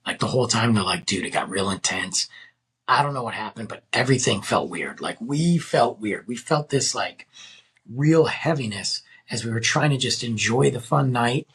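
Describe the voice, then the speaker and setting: Very husky, animated male podcast host. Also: medium pitch, normal speed. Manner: animated, chatty, addresses listeners as guys. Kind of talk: casual storytelling to listeners.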